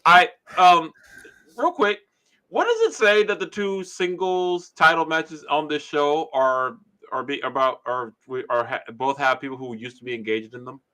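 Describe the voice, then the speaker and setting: A man co-hosting a live podcast in casual chat, excitable and tripping over his words with frequent restarts. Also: on the high side, moderate pace. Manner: excitable, stammers and restarts often. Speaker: co-host of a wrestling podcast.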